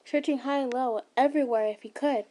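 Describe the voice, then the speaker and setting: A woman reads a fan story aloud for listeners. Her voice sits high, her reading casual, with slips, restarts and little asides. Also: a little fast, dark tone. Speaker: ASMR storyteller.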